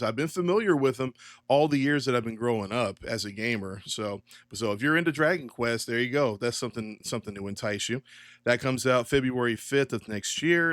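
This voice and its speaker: A middle-aged man hosting a casual solo commentary podcast, ranting in an animated, exasperated way and swearing often. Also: mid-range voice, no echo. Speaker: podcast host.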